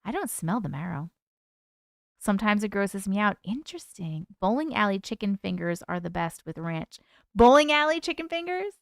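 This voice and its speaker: A woman from the UK hosts a live stream from home, chatting casually and responding to viewer comments as they arrive. Her voice is medium-pitched with wide pitch swings, normal speed and some creak. The sound is clean and studio-like, with no room noise.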